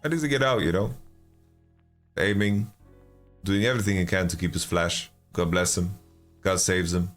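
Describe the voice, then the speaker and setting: A man giving casual esports commentary on a stream, sleepy and yawning, with relaxed speech and stammering restarts as he answers chat. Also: sits low, normal speed, long pauses, soft background music. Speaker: esports caster and analyst.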